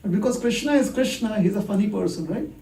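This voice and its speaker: A man preaching in a relaxed, storytelling way, full of rhetorical questions and little acted-out exchanges. His voice sits high but sounds deep and mellow in tone. He is recorded from a distance in a roomy, echoing hall. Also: fast talker, creaky. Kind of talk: conversational sermon. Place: temple hall. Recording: echoey hall, distant mic.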